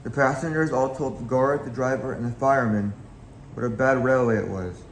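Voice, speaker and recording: A man's voice: medium pitch, fairly quick, a little hiss or hum. A man reading a children's railway storybook aloud in a plain manner, with small slips. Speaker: reader. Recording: echoey room, faint background.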